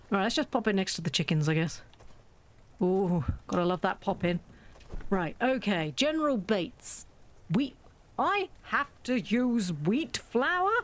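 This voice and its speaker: Chatty self-mocking woman gamer. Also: medium pitch. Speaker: game streamer. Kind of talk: casual let's-play commentary.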